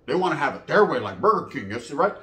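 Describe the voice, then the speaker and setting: A man's voice: a little high, sing-song, fast talker, bright, forceful tone, echoey room. A man telling prison stories in a casual, profane, slang-heavy monologue, laughing at his own tales. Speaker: storyteller recounting prison life.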